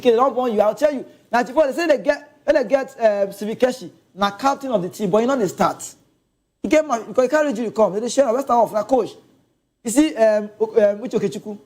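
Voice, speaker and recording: High-voiced Nigerian man ranting on football. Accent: Nigerian Pidgin. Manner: animated, laughing, talks straight to viewers. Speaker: football commentator. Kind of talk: casual football rant.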